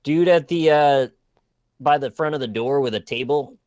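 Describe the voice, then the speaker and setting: A man's voice: medium pitch, moderate pace, darkish tone, no echo. A man on a live talk show, telling a rambling, self-deprecating anecdote in casual chat. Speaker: guest.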